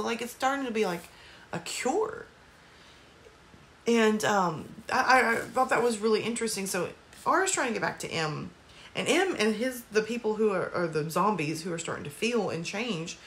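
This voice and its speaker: A woman's voice: on the low side, a bit bright, a little hiss or hum. Chatty woman rambling through a plot recap. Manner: rambling, lots of "like" and "um", apologetic asides. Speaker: movie reviewer. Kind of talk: casual movie plot recap. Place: at home.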